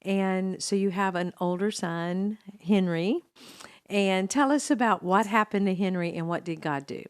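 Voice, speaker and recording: A woman leads a church interview and frames each story with earnest, preacher-like remarks. Her voice sits at an ordinary middle pitch. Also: unhurried, clean tone.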